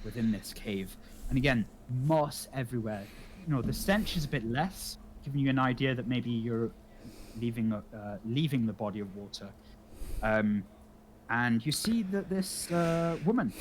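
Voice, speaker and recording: A man narrating a tabletop game as game master, halting with many ums and restarts. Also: mid-range voice, slight background noise, rough recording.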